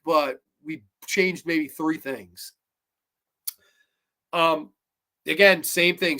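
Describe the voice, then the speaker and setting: A man talks through his horror movie review show in a casual, unscripted rant. He is blunt and profane, and he sounds plainly exasperated. His delivery swings into sudden loud outbursts of disbelief. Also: on the high side. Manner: animated, with sudden loud bursts.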